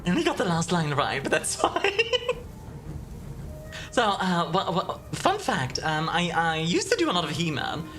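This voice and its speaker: A woman streamer from Belgium with a deeper voice, chatting casually and giggling with her viewers. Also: huge pitch swings, normal speed. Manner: giggly, warm toward chat, chatty. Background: background music.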